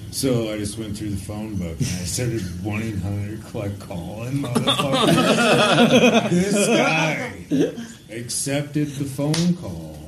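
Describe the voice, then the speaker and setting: A man talking slowly and easily as host of a loose conversation. His voice rings in an echoey room. A steady hiss of noise sits underneath. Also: lowish voice. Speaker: podcast host. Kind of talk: casual chat.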